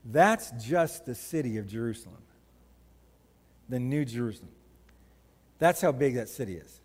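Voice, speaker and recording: A man's voice: mid-range voice, moderate pace, breathy edge, in a large hall. A man preaching a sermon as pastor, conversational and joking, telling stories to the congregation. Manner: conversational, joking, animated storytelling. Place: church sanctuary.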